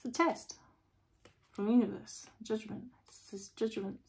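A woman's voice: a little high, fairly even intonation, normal speed. A woman chatting through a casual tarot reading, asking lots of rhetorical questions. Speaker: tarot reader.

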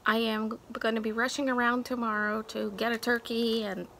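Gravelly, chatty woman vlogger. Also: a little high, level tone, normal speed, pushed and bright, rough recording. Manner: chatty and gushing, with many fillers. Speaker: craft vlogger. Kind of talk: casual show-and-tell chat. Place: at home. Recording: background noise of crinkling packaging.

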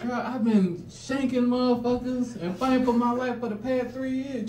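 A man's voice: very high voice, fairly even intonation, moderate pace, hardly any pauses, echoey room, far from the mic, very noisy. A man doing his first stand-up set, telling slangy stories and laughing through his own lines. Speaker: stand-up comedian. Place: comedy stage.

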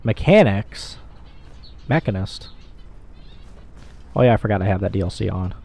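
Excitable, foul-mouthed young male gamer. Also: on the low side, normal speed, creaky. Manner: excitable, swears a lot, frequent loud outbursts. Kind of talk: let's play commentary.

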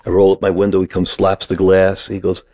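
A man's voice: sits low, monotone, brisk. A middle-aged man, an acting teacher, telling a story in short punchy sentences and acting out the other people's lines. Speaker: acting teacher, podcast guest. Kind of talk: animated storytelling.

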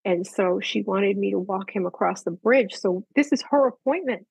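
A woman's voice: medium pitch, moderate pace, vocal fry, darkish tone, husky, no room sound, rough recording. An older woman, a guest animal communicator, telling personal stories in casual chat and acting out the voices she quotes.

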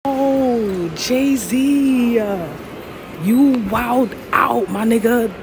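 Excited New woman touring an exhibit. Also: a little high, very slow, background noise. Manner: excited, emotional, talks under her breath to herself. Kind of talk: casual walk-through vlog. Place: indoor museum exhibit among crowds.

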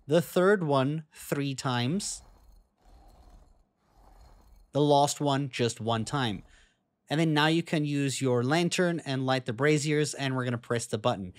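A man's voice: medium pitch, no echo. Chatty man walking through game steps. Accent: non-native English accent. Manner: relaxed, chatty, step-by-step instructions. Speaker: gaming guide creator. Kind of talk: game walkthrough voice-over.

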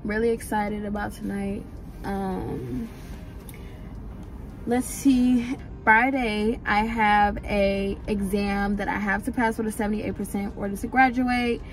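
A woman's voice: mid-range voice, steady tone, a little slow. A woman in her twenties, an x-ray student, chatting casually to her viewers in a vlog, calling them "y'all.". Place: out and about, car, shops, home.

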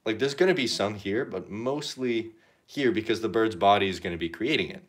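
A man's voice: on the low side, a little fast. A young man chatting casually on a painting livestream, rambling and joking with lots of fillers. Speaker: art livestreamer.

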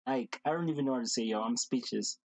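A man hosting a reaction video, talking casually and excitedly, gushing and repeating slang fillers. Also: mid-range voice, quick pace, dry recording, rough recording.

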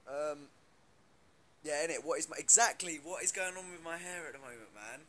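A young man, chatting playfully with fans in a casual live stream, slangy and quick to laugh. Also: a little high, a bit bright, a little hiss or hum.

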